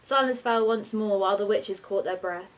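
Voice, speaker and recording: A woman's voice: medium pitch, normal speed, rough recording. Woman reading a storybook aloud. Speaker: author reading her story. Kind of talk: storybook narration.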